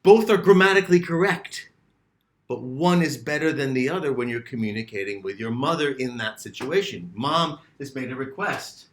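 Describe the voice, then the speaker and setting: A man's voice: mid-range voice, moderate pace. A man teaching an English grammar lesson, rephrasing his points and acting out his students' questions. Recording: echoey room.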